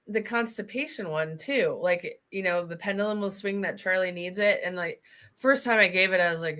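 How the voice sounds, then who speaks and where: A woman hosting a casual video chat, talking in a chatty, animated way. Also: mid-range voice. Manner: chatty, animated, quick to laugh.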